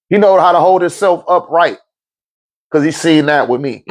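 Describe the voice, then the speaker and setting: A man's voice: on the high side, unhurried. A middle-aged man, giving blunt, profane life advice in a casual monologue and laughing often.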